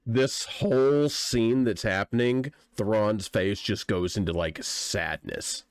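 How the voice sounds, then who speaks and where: A man's voice: on the low side, slow, no room sound. A man playing in an online tabletop game, bantering with friends and laughing often. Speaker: player. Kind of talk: casual chat during a tabletop game.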